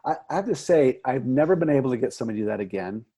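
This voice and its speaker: A middle-aged man with a warm, darkish voice and a husky edge. He chats as a podcast guest about his work as an assistant director. His telling is lively and rambling, with plenty of restarts. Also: medium pitch, rapid-fire. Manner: lively, chatty storytelling with frequent laughs and restarts. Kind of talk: casual conversation.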